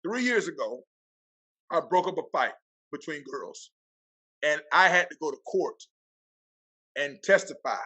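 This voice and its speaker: A man voicing a weary middle-aged male quarterback coach, speaking low and resigned. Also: animated, a little slow, pauses often, pushed and bright, breathy edge, exaggerated voice, low-quality recording.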